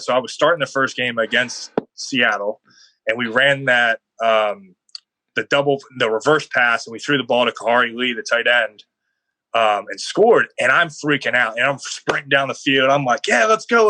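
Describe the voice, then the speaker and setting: Bright, chatty young man. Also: medium pitch, normal speed, no echo, rough recording. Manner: rambling, heavy on "like" fillers, animated storytelling. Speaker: guest football player. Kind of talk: casual podcast interview.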